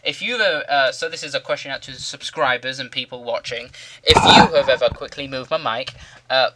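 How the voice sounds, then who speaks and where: A man's voice: mid-range voice, fairly quick, bright, forceful tone, slight background noise. A man giving rambling, jokey commentary over a video game. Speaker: gaming commentator.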